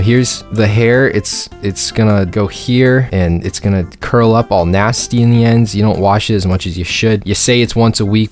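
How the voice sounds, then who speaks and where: A young man teasing and rambling as he doodles for his subscribers, in casual commentary. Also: fairly low pitch. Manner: joking, rambling, mock-teasing asides. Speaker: YouTuber drawing subscribers. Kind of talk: casual commentary while drawing.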